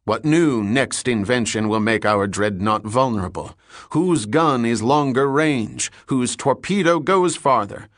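A man's voice: medium pitch, expressive, a little slow, no room sound, clean studio sound, close to an everyday voice. A man voicing a grandiose, intense male naval captain, speaking with emphatic, building declamation in an audiobook reading. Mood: fervent.

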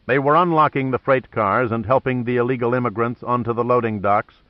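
A man narrating a thriller audiobook in a measured, dramatic storytelling manner. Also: medium pitch, steady tone, dry recording, muffled recording.

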